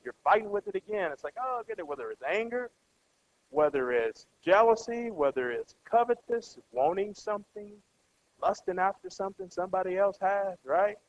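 High-voiced guy preaching, keeps saying "right?", sounds kinda muffled. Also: slight background noise. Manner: conversational, keeps asking the congregation "right?"; acts out everyday characters with a changed voice. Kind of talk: sermon. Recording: dull lo-fi sound.

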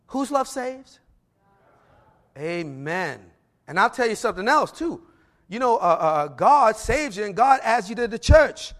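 A middle-aged man preaching a sermon, who reads scripture slowly and then tells personal stories with energy. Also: sits high, big pitch swings, a bit bright.

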